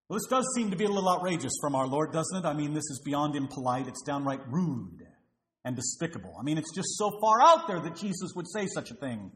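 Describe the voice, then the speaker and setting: A man's voice: a little high, lively intonation, brisk, fairly bright tone. A man preaching a sermon as pastor, emphatic and full of rhetorical questions to the congregation, recorded in a church. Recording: roomy echo.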